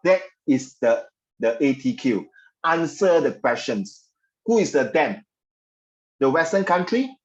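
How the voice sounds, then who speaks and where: Singaporean man tutoring an online English class, chatty and joking, somewhat high voice, dull lo-fi sound. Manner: chatty, joking, mixes local slang. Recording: dull lo-fi audio.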